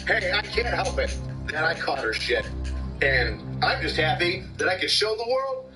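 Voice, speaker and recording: A man casually commenting on military memes, profane and excitable, getting loud when he is worked up. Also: on the high side, moderate pace, far from the mic, over music, poor audio. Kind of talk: casual meme commentary with sponsor read.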